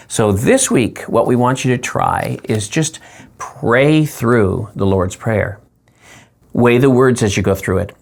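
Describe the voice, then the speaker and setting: A man, a pastor, giving a short, friendly devotional teaching talk, slowing down to stress words. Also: on the low side, creaky.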